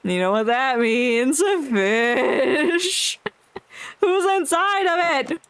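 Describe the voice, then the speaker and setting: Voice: sits high, expressive, drawn-out words, a bit bright, smooth, dry recording. A streamer giving casual gameplay commentary, joking and reading dialogue aloud. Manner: jokey, reads dialogue aloud, laughs often.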